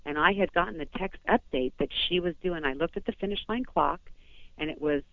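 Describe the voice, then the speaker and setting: A woman from Southern California calls in and gives her account in a rush, doubling back and restarting her sentences. Her voice comes through a thin, tinny phone line. There is no room sound at all, just a flat, close signal. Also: lowish voice, fairly quick, dry recording. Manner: rambling, breathless retelling with many restarts. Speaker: phone-in guest. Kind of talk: emotional first-person account. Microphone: telephone.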